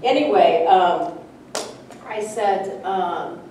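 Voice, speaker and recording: A woman's voice: mid-range voice, very slow, mellow. Woman, middle-aged, spiritual teacher, informal sermon, earnest and chatty, very echoey room, distant mic. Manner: conversational, earnest, many "you know" fillers. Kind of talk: informal sermon-style storytelling to a small audience. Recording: echoey room, mic far off, faint noise.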